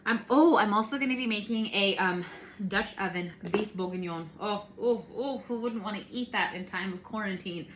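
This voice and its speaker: A woman's voice: mid-range voice, moderate pace, a bit bright, a little hiss or hum. Bubbly woman cooking at home. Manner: chatty and bubbly, with playful asides. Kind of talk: casual cooking demonstration. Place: home kitchen.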